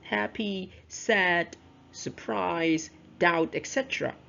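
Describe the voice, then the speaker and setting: This teacher trainer takes her time, her low-ish voice gravelly yet a bit bright. She's delivering a recorded lecture on pronunciation teaching, moving step by step and often asking "right?" or adding "you know." The recording quality is dull and lo-fi.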